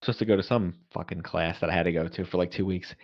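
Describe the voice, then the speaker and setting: Fast-talking wry man, lo-fi audio. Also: sits low, fairly even intonation. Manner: profane, wry storyteller. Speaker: podcast co-host, veteran. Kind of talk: casual storytelling chat. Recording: lo-fi podcast audio.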